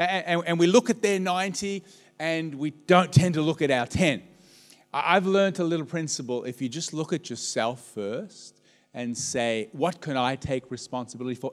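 A male pastor delivers an animated, story-driven sermon in a church auditorium, his fairly high voice rising and dropping as he talks straight to the congregation. A long hall reverb trails after every phrase from the stage microphone. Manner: animated storytelling with audience call-outs.

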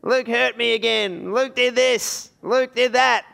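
A man's voice: steady tone, slow pace, gravelly, bright, forceful tone, heavily acted. A man mimicking whiny tattling little brothers. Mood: whining. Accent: Australian. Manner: shrill whining complaint. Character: whining little boys telling tales.

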